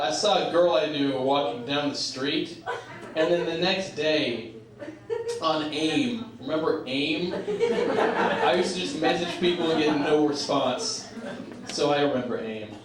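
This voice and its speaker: A young man performing a stand-up comedy set on a small club stage, self-deprecating and halting, with many "uh"s and "like"s. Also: on the high side. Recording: echoey live club recorded from a distance. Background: audience laughter.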